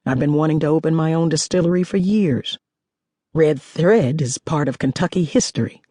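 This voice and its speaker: A woman voicing a blunt, determined male whiskey collector in an audiobook reading, lowering her voice for him. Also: normal speed, warm tone, no room sound, studio quality. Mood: wary. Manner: blunt, exasperated.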